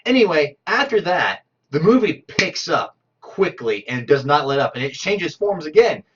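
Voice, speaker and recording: A man co-hosting a casual film commentary, talking through scenes in a lively, animated way with quoted asides. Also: fairly high pitch, normal speed, highs cut off, a little hiss or hum. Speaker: podcast co-host.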